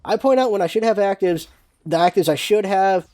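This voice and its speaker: Talking fairly quickly in a dark, mid-range voice, this woman hosts a solo gaming vlog in a casual style. Her points land bluntly and emphatically through repetition, with a little mild swearing mixed in.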